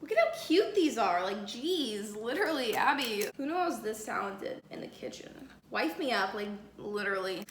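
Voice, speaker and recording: A woman's voice: on the high side, lively intonation, a little fast, hardly any pauses, bright, forceful tone, slight background noise. A woman vlogging in her home kitchen as she bakes, rambling chattily with jokey asides. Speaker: cooking vlogger. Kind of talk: casual cooking vlog. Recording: echoey kitchen recording.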